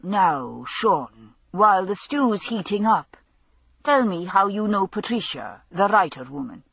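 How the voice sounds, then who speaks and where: A woman voicing a friendly, shrewd male village constable, who speaks in a calm, coaxing way. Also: medium pitch, measured pace, gravelly, husky, no echo, full character voice.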